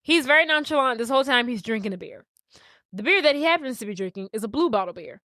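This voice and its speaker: A fast-talking woman with a fairly high voice co-hosts a podcast, casually narrating a film's plot. She's an animated storyteller who plays out every character's lines and swears freely. Studio-quality audio, no echo.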